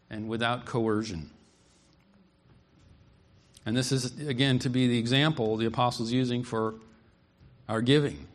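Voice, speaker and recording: A man preaching an expository sermon, earnest and emphatic, reading scripture aloud and explaining it. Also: mid-range voice.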